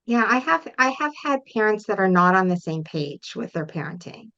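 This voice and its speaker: Bright-voiced middle-aged woman coach. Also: medium pitch, sing-song, normal speed, lo-fi sound. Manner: earnest, explains with frequent check-in questions. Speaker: parent coach. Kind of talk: interview guest.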